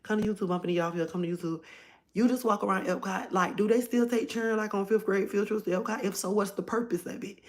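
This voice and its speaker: A woman's voice: mid-range voice, steady tone, quick pace, a little hiss or hum. A woman chatting casually on a phone livestream, rambling and talking straight to her viewers. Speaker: livestream host.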